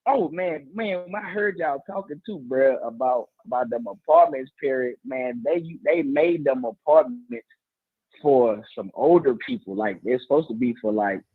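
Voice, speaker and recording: A man in his thirties chats loosely with a co-host, slipping into playful voices whenever he quotes someone. The sound is dry and a bit dull, with no room around it. He keeps a steady middle pitch. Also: moderate pace, husky, dry recording. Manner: animated storytelling, slangy, acts out quotes. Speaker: podcast co-host, teacher. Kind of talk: casual chat.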